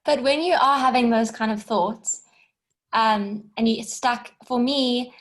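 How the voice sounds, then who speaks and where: A woman's voice: on the high side, unhurried, a bit bright. A woman student in a yoga class, answering the teacher candidly in short replies. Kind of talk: class discussion.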